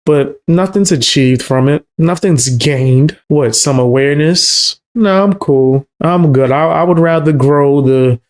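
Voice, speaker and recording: A man's voice: a little high, a little slow, hardly any pauses, a little mellow. Blunt, slangy male commentary host. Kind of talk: casual reaction commentary.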